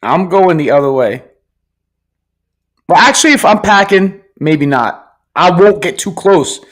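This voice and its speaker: A man's voice: high-pitched, very animated, unhurried, a bit bright. A man with a New York accent co-hosting a comedy podcast, joking bluntly in casual chat. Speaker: podcast co-host.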